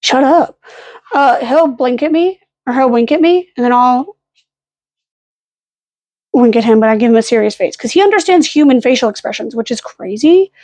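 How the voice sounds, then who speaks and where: A woman's voice: on the high side, animated, normal speed, darkish tone, no room sound. A young woman vlogging at home late at night, rambling casually, swearing now and then and cooing at her dogs. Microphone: camera on a fixed stand.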